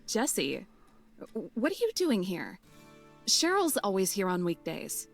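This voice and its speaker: A woman voicing a dry, no-nonsense park ranger in a visual novel, curt and deadpan. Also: medium pitch, unhurried, gravelly, faint music behind, full character voice.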